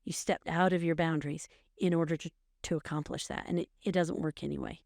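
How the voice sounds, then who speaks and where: A woman's voice: low voice, steady tone, brisk, gravelly, darkish tone, no echo, clean studio sound. Earnest middle-aged woman giving advice. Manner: earnest, coaching, repeats phrases for emphasis. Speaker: podcast co-host, mother. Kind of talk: casual advice chat.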